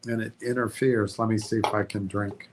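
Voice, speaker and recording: A congested man hosting a stock livestream, talking in a halting way with many restarts and self-corrections as he reads notes aloud. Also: on the low side, flat delivery, noisy background. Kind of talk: casual stream commentary, reading notes aloud.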